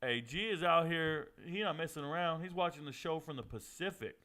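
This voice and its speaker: A man from Georgia hosting a live sports watch party, chatting and joking with viewers and reacting loudly to plays. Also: fairly high pitch, a little fast. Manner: joking banter with chat, excited outbursts. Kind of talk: casual live-stream commentary.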